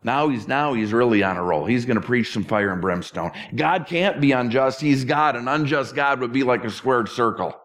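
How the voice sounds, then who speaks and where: This middle-aged pastor talks at a moderate pace in a medium pitch, rarely pausing. His conversational sermon is animated, self-deprecating, and lightly humorous.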